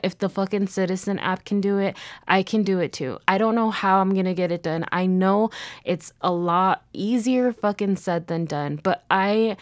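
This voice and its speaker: A woman's voice: lowish voice, dry recording, studio quality. A young woman hosting a solo podcast, speaking in a heated way, swearing often and restarting her sentences. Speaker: podcast host. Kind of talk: casual solo podcast monologue.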